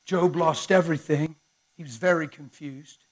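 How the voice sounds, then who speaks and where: A man preaching a sermon in an impassioned way, swinging from hushed, quiet lines to shouted peaks. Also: on the high side, fairly even intonation, normal speed.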